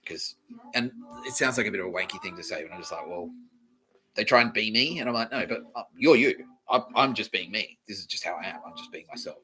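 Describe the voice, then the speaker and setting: A man's voice: lowish voice, quick pace, rough recording. Rambling, sweary man. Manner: swearing, animated, acts out quoted voices. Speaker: podcast host. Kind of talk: rambling comedic monologue.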